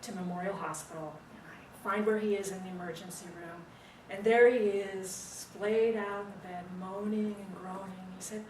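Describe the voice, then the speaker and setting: A woman telling a dramatic personal story at a speaking club, animated and pausing for effect. She is picked up from a distance in a roomy meeting room, with faint ambience underneath. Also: medium pitch, slight background noise.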